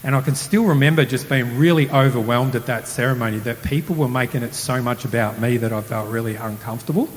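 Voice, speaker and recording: Casual male storyteller, animated, mid-pitched, long hall reverb. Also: quick pace, hardly any pauses. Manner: animated, acts out quoted voices. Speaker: testimony speaker. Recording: roomy hall with faint hiss.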